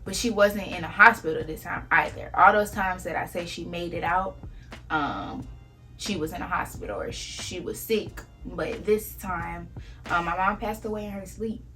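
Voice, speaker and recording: A woman's voice: on the low side, normal speed, music in the background, rough recording. A woman in her twenties from Savannah with a Southern accent, candidly telling a painful personal story in a conversational vlog. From Savannah, Georgia. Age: 20s. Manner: candid, conversational, drops to soft near-whispers at painful moments. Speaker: vlogger.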